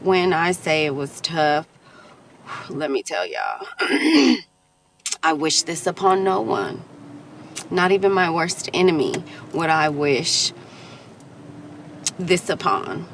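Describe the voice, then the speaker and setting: Candid, low-voiced woman telling her story. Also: takes it slowly, vocal fry, long pauses, a little hiss or hum. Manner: candid, animated retelling with laughs and quoted inner voices. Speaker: mother sharing a personal story. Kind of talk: casual storytelling vlog.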